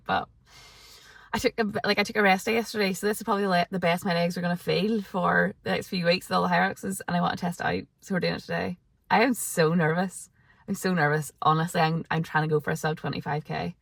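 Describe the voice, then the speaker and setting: A woman's voice: fairly low pitch, creaky. A young adult woman vlogging to camera in a casual, chatty way, full of filler words.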